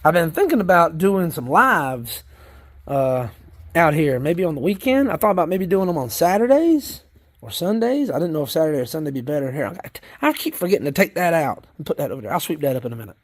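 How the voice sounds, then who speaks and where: Folksy Southern man, high-pitched. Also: big pitch swings, brisk, dry recording. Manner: folksy, rambling, talks while digging in worm bins. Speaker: worm farmer vlogger. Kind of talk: casual chat. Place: outdoors by worm bins.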